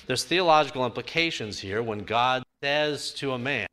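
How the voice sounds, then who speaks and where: A man's voice: mid-range voice, animated, normal speed, sharp tone. A male pastor preaching a sermon, emphatic and building his points through repeated phrases.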